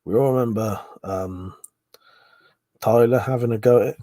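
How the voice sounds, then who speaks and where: A man's voice: medium pitch, moderate pace, pauses often, dark tone, no room sound. A man hosting a casual live stream, drunk, swearing a lot and laughing as he reads viewer comments. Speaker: livestream host.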